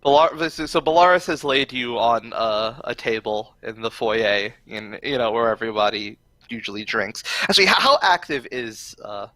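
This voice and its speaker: A man playing a tabletop game in casual chat, relaxed and stop-start as he plans. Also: medium pitch, moderate pace, hardly any pauses, no echo. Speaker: player.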